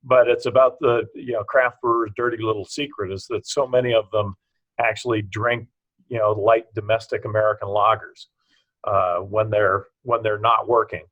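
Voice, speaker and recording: A man's voice: lowish voice, fairly even intonation, normal speed, fairly bright tone. A man speaking as an interview guest, a brewery founder giving plain-spoken, blunt advice with dry humor. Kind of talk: casual interview answers. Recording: dull, slightly muffled sound.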